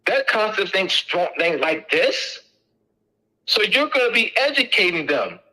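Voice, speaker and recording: A man's voice: sits high, big pitch swings, a little slow, bright, forceful tone, poor audio. A middle-aged man giving an informal lecture to an audience, emphatic and repetitive as he drills each point home.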